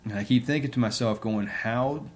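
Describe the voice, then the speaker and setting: A man's voice: on the low side, brisk. A man, an interview guest and sports coach, telling a personal story in a casual, conversational way with many fillers.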